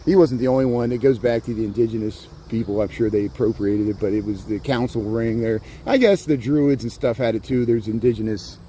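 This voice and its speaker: A man's voice: medium pitch, a little fast, hardly any pauses, dark tone, slight background noise. A man casually livestreaming a walking tour of a city park, rambling, chatty and greeting viewers as he walks with his phone outdoors. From Chicago area. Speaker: vlogger livestreaming a walk.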